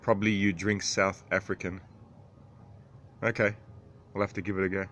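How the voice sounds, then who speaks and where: A man in his thirties hosting a casual livestream, reading out viewer comments with frequent chuckles and throat clearing. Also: low voice, flat delivery, normal speed, fairly bright tone, a little hiss or hum. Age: 30s. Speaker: livestream host.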